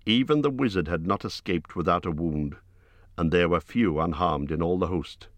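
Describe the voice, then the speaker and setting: A man reading an audiobook in a slow, measured narration. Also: sits low, no room sound.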